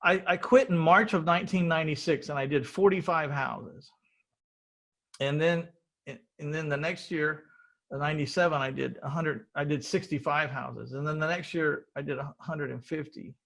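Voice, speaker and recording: A man's voice: a little high, moderate pace, creaky, fairly bright tone. A middle-aged man hosting an interview, telling his story in a rambling, earnest way and often repeating words. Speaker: podcast host.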